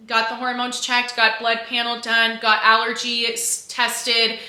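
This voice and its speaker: A woman's voice: fairly high pitch, completely flat delivery, a little slow, pushed and bright, echoey room. A woman in her twenties chatting candidly to camera as a vlogger, with lots of fillers and restarts. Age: 20s. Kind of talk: casual chat to camera.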